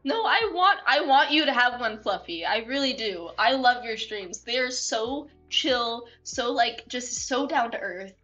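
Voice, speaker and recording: A young woman streaming live, chatting to viewers in a bubbly, expressive, rambling way and giggling often. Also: fairly high pitch, measured pace, few pauses, muffled recording, faint music behind. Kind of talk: casual live-stream chat. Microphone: desktop mic, no webcam.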